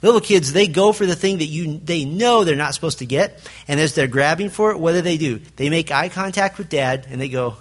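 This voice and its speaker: A man preaching a sermon to fathers, telling stories in an animated way and acting out the people in them. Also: on the high side, fairly quick, hardly any pauses. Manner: animated storytelling, acts out quoted voices. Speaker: pastor.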